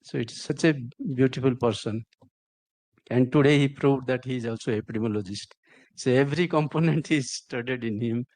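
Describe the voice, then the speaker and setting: An older man with an Indian English accent giving a halting, emotional speech at a ceremony. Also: medium pitch, a little mellow, dry recording. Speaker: senior professor giving a speech.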